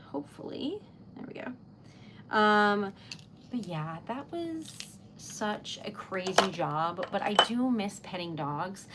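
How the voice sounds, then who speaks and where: A young woman hosting a relaxed livestream, chatting casually with viewers as she crafts, rambling and giggling often. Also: mid-range voice, slight background noise. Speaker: livestream host. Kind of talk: casual chat while crafting.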